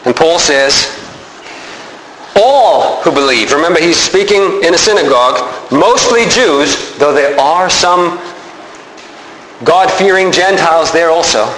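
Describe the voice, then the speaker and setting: A man preaching a sermon, animated, with rising emphasis. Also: on the high side, unhurried, roomy sound, a little hiss or hum, low-quality recording. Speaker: pastor.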